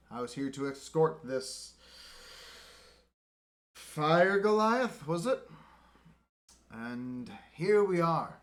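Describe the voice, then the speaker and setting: A man doing a haughty lieutenant, raised and loud. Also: a little high, voice pushed up. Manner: condescending, curt. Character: haughty arrogant male human lieutenant.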